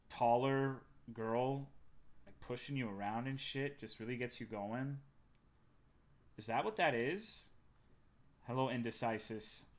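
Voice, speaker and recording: A young man from Texas, a livestreamer chatting casually with his viewers in a loose, profane and joking way. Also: medium pitch.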